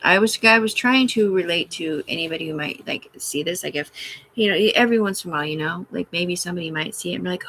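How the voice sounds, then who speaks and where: A woman's voice: on the low side, fast talker, a bit bright. A woman rambling and swearing casually on a live stream from her room, talking back to her chat. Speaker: livestreamer.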